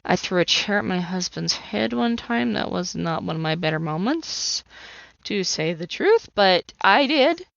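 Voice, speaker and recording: A woman's voice: lowish voice, expressive, a little slow, creaky, fairly bright tone, no echo. Female podcast host and coach, 30s, earnest testimony, slightly muffled recording. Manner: earnest, emotionally open storytelling. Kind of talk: personal testimony monologue.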